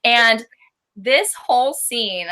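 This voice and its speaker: A woman's voice: a little high, animated, drawn-out words, pushed and bright. A woman co-hosting a casual book discussion, chatty, with frequent laughs and fillers. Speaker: book review co-host.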